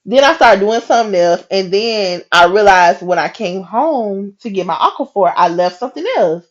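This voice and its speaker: Animated woman telling a faith story. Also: medium pitch, moderate pace, lo-fi sound. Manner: animated, acts out her own and others' quoted lines; casual and chatty, talks straight to listeners. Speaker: podcast host.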